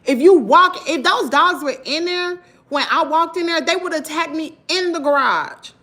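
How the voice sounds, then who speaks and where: A woman from Mississippi with a Southern accent, telling a story to her viewers in an animated, emphatic way. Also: extremely high pitch, normal speed. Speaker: vlogger.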